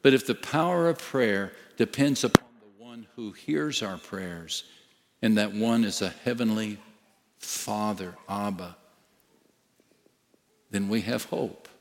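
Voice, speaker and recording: A male pastor preaching a sermon slowly and emphatically, dropping to a hush at times. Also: lowish voice, gravelly. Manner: slow, emphatic preaching with dramatic dips to a hush. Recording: long reverb of a large hall.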